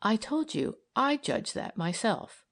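A woman's voice: mid-range voice, sing-song, takes it slowly, gravelly, voice pushed up, heavily acted. A woman reading aloud and voicing an earnest, idealistic young woman who argues eagerly and persuasively.

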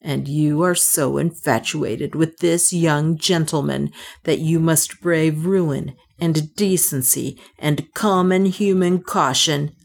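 A woman voicing an angry young male rival in a storybook reading, speaking slowly and brutally. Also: low-pitched, gravelly, full character voice. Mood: savage. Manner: slow, brutal, cutting.

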